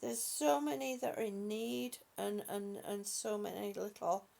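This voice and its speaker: A woman hosting a live stream, speaking softly and affectionately to her viewers with halting, repeated words. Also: medium pitch, fairly even intonation, creaky. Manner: soft, affectionate, calls viewers honey and sweetie. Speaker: livestream host reading viewer comments. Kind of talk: slow casual live chat.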